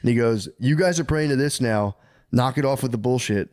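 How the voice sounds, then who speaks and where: A man's voice: medium pitch, a little fast, a little mellow. Profane rambling male podcast storyteller. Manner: rambling, profane, acts out characters with laughter. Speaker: podcast co-host. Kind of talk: casual comedic storytelling.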